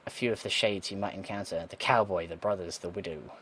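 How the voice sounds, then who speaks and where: A man's voice: sits low, fairly even intonation, fast talker, a bit bright, a little hiss or hum. A young man giving casual gameplay commentary, thinking aloud with sarcastic asides and the odd swear word. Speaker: let's play gamer.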